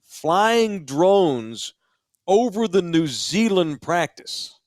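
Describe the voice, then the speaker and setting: A man co-hosting a sports podcast, his pitch swinging freely as he rants and jokes. His voice sits in the middle of the range and comes across dry and close in the studio. He swears freely and laughs easily. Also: dry recording. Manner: animated, profane, quick to laugh. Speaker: podcast co-host. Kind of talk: casual sports chat.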